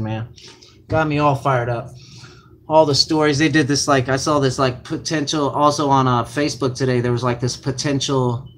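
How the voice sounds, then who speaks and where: A young man hosting a live card break, excitedly calling out cards to his viewers. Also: medium pitch, a little hiss or hum. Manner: excited, hyped-up, talks to viewers as "guys" and "man".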